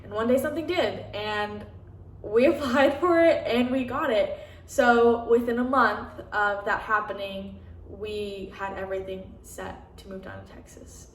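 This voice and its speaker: A young woman chats candidly to camera in her apartment, her voice fairly high and easygoing, peppered with "like" and fillers as she acts out conversations. She sits a little back from the microphone, so the room echo is clear, with a faint hum of ambience behind her. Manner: chatty, many fillers and "like", acts out quoted dialogue. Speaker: vlogger. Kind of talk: candid casual chat. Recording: roomy echo, slightly distant mic.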